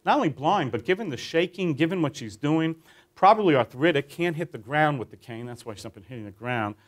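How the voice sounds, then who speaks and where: A male trainer walks his class through an imagined scene in an animated, conversational way. His voice sits a little high and swoops up and down a lot, and he keeps turning questions back on the room. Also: a little fast. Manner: animated, addresses listeners with questions. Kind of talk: guided teaching tale for a class.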